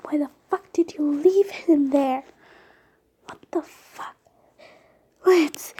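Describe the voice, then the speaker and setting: A woman voicing a fierce, hot-tempered young man in a fan audio drama, who talks in raw, shouted bursts. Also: sits high, slow pace. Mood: furious.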